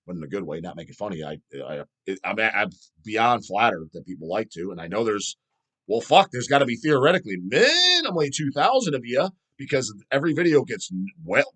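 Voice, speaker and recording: A middle-aged man hosting a metal channel, ranting profanely and answering viewer questions. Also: mid-range voice. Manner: profane, animated, mocks people in put-on voices.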